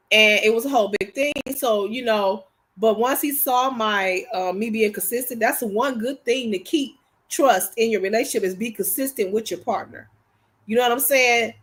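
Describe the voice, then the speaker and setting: A middle-aged woman co-hosting a podcast, chatting casually and animatedly, with frequent restarts and "you know what I'm saying". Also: on the high side. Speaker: podcast co-host. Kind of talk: casual chat.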